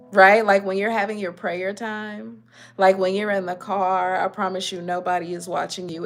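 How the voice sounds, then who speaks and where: A woman hosting a mental health talk, speaking emphatically and directly to her listeners. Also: lowish voice. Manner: emphatic, preachy, talks straight to listeners. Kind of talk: casual motivational talk.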